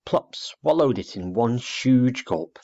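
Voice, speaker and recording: A man narrating a children's storybook aloud in an expressive read-aloud manner, dull lo-fi recording. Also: mid-range voice, slow, vocal fry.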